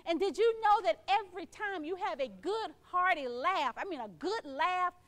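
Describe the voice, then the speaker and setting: A woman's voice: very high-pitched, expressive, normal speed, fairly bright tone. A middle-aged woman giving a motivational keynote to staff, encouraging and playful, acting out little quoted voices. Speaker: keynote speaker.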